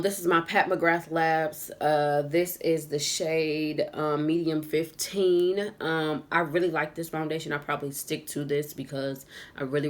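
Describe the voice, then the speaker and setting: A woman telling a casual storytime vlog story as she does her makeup at home. She is animated and laughs often. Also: sits low. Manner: animated, laughs often, says "y'all" a lot. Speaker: vlogger. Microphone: camera on a tripod.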